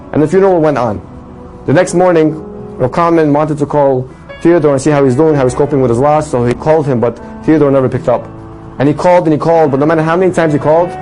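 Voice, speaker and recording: A man's voice: a little high, mellow, low-quality recording. A man telling an inspirational story to an audience as a rabbi, emphatic and full of rhetorical questions. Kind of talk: storytelling talk.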